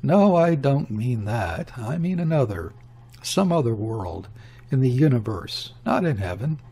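A capricious woman lover, read by a man in a storybook, her words fluttering and a touch unsteady. The voice is husky and unhurried. There is a petulant insistence under it. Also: mid-range voice, big pitch swings, mellow, heavily acted. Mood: wistful. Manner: fluttering, slightly unsteady intonation.

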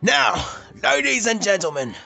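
A man's voice: sits high, wildly swooping pitch, measured pace, vocal fry, bright, forceful tone, soft background music, voice pushed up, full character voice. A man voicing a pompous male cult leader who gives a grand, preachy speech in a game playthrough. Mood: preaching. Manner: grand, preachy oratory, breaking into laughs. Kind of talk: let's play voice acting.

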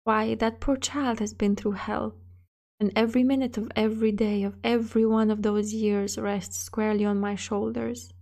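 A woman's voice: on the high side, fairly even intonation, normal speed, warm tone, lightly acted. A woman reading the part of a middle-aged male sheriff, heavy with guilt and self-reproach, in a storybook reading. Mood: tender.

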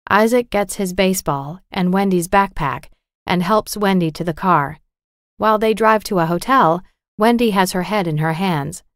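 Woman reading a story clearly for learners. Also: mid-range voice, no room sound, studio quality. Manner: clear, measured, carefully articulated reading. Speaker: narrator. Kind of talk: storybook narration for English learners.

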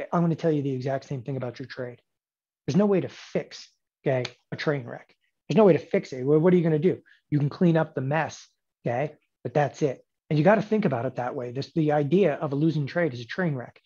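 A man in his forties teaching options trading in a lecture, emphatic and sarcastic, with animated bursts. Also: a little high, slightly rough, muffled recording. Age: 40s.

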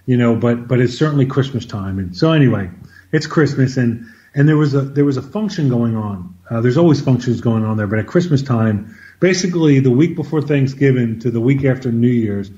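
A man as an interview guest, telling an anecdote in an animated conversational way, often repeating words as he starts a sentence. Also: mid-range voice, fairly quick, highs cut off. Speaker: interview guest, former White House officer. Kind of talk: conversational storytelling.

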